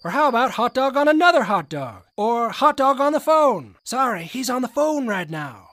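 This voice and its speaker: A woman's voice: on the high side, sing-song, normal speed, a bit bright, a little hiss or hum. A woman voicing a crude, pushy, foul-mouthed salesman in a cartoon, insulting and barking orders. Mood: scornful. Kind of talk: cartoon voice acting.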